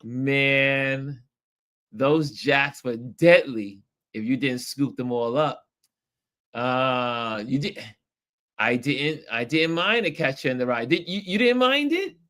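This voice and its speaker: A middle-aged man hosting a livestream, reading viewer comments aloud in casual chat, animated and nostalgic and quick to laugh. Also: mid-range voice. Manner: laughs often, animated and nostalgic, stretches words.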